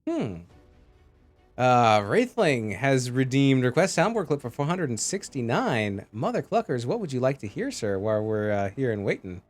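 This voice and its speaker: A man calls a live esports broadcast with a jokey, chatty delivery and often stops to read out viewers' messages. His voice sits at an ordinary middle pitch. Faint music plays softly behind him. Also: sing-song, normal speed. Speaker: esports caster.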